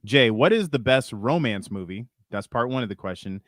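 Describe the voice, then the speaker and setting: A man co-hosting a podcast, a comedian chatting casually in relaxed banter. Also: medium pitch, moderate pace, no echo, studio quality. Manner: laughs often, relaxed banter. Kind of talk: casual chat.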